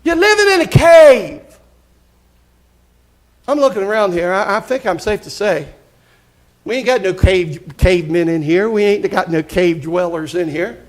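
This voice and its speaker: A man preaching a live church sermon, impassioned and folksy, with bursts of shouting. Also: high voice, normal speed. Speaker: pastor. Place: church sanctuary.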